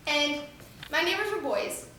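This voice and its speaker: A young woman doing stand-up comedy, telling a story in an animated way and jumping into shrill voices for the people in it. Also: measured pace. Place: theater stage with a laughing audience. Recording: echoey theater from far off, hissy.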